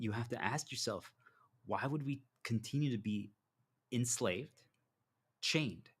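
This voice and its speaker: A man's voice: fairly low pitch, unhurried, pauses often, husky. A man delivering a preachy motivational monologue as a self-styled spiritual guide, telling stories and acting out dialogue. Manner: preachy, animated storytelling with acted dialogue.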